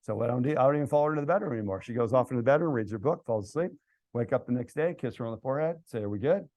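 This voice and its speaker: A middle-aged American man speaking casually to a church group, telling stories that build to loud, animated outbursts. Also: mid-range voice, racing. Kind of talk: casual storytelling talk to a group. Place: church hall event.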